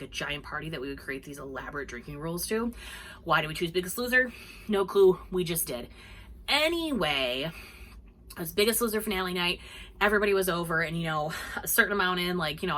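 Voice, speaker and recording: A young woman spins a rambling, funny story for her followers, chatty and full of "like" and "you know." Her voice sits on the lower side for a woman but comes across bright and forward. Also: slight background noise. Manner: chatty, animated, laughing storyteller with many fillers. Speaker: vlogger. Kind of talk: casual storytelling.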